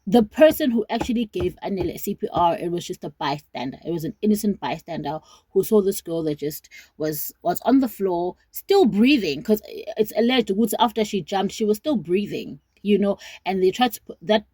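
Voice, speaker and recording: A woman's voice: mid-range voice, expressive, moderate pace, mellow, slightly rough, dry recording. A South African woman in her late twenties giving rambling, earnest commentary to her viewers, mixing in Zulu words. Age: 20s. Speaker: vlogger. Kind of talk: casual commentary to camera.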